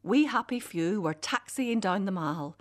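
A woman's voice: medium pitch, expressive, unhurried. Wry middle-aged woman telling a story. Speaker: essayist. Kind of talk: scripted personal essay read aloud.

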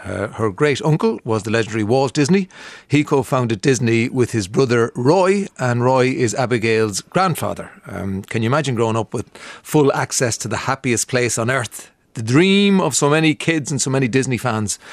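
A man's voice: medium pitch, expressive, normal speed, no room sound. An Irish man hosting a radio show, chatting casually and reading out listener messages with frequent "uh" fillers. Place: radio studio.

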